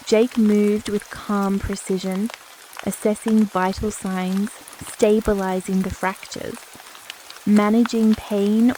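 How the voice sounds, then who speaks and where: Mellow-voiced woman narrating a sleep story. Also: mid-range voice, a little hiss or hum, poor audio. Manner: calm, even reading.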